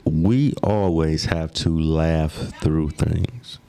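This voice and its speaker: A man co-hosting a podcast, steering the conversation in a relaxed, casual way. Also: a bass voice, extremely slow, creaky. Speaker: podcast co-host.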